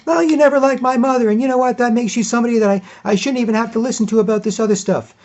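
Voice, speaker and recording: A man voicing an argumentative young girlfriend in a high, whiny falsetto. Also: fairly even intonation, racing, darkish tone, highs cut off. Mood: accusing. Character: exasperated girlfriend, young woman, argumentative and needy.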